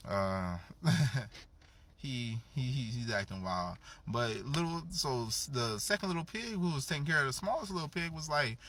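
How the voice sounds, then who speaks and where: A man casually telling a comedic story at home, profane and slangy, acting out the characters' lines with big jumps in pitch. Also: very animated, normal speed, bright, forceful tone. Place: home with a dog in the back.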